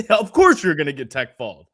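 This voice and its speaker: Man, fairly high voice, laid-back, joking, laughs often, casual podcast co-host. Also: wildly swooping pitch, normal speed, breathy edge. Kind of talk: casual picks chat.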